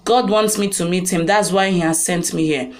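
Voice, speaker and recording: A woman's voice: on the low side, fairly even intonation, normal speed, natural voice. A hurt, defiant young woman, read by a woman.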